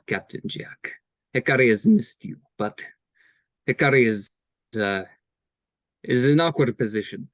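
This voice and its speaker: A man's voice: medium pitch, no room sound. A man voicing an odd male space crewman who talks about himself in the third person with broken grammar.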